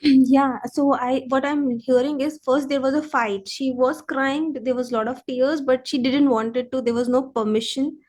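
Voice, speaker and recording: High-voiced woman podcast host. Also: steady tone, normal speed, few pauses, darkish tone. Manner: thoughtful, affirming, asks follow-up questions. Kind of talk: interview conversation.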